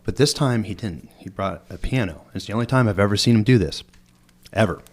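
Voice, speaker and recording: Low-voiced rambling man telling a story. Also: animated, fairly quick, a little mellow. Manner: rambling storyteller, many fillers and restarts. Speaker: podcast co-host. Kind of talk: casual chat among friends.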